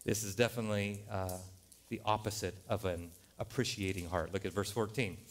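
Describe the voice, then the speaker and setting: A male pastor preaching a sermon in a church, animated and joking, jumping to loud punchlines. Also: on the low side, fairly quick. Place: church sanctuary.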